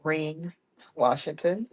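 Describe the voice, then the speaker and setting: A woman guest telling her personal story in a casual, lively way, often correcting herself as she goes. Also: deep voice, slow, breathy edge. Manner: animated, acts out quoted people with voice changes; laughs often, corrects herself mid-sentence. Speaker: guest, autism mom.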